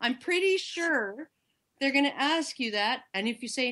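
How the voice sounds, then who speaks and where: A woman's voice: high-pitched, lively intonation, moderate pace, a bit bright. A woman on a podcast panel, speaking casually with a sarcastic, mocking edge.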